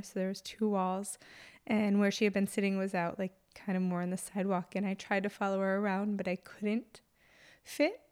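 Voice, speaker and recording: A young adult woman, a mother, telling a personal story in an emotional, halting way with many pauses and fillers. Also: mid-range voice, clear, resonant tone.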